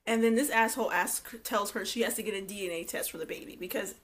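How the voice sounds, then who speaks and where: A woman's voice: mid-range voice, fast, a bit bright. A woman giving a blunt, opinionated, gossipy casual review of a reality show. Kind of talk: casual commentary vlog.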